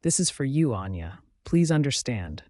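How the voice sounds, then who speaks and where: A man's voice: medium pitch, big pitch swings, moderate pace, darkish tone, no room sound, studio quality, natural voice. A man voicing a tormented young male werewolf alpha, pleading and emotional. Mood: anguished. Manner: anguished, pleading, emotional outbursts.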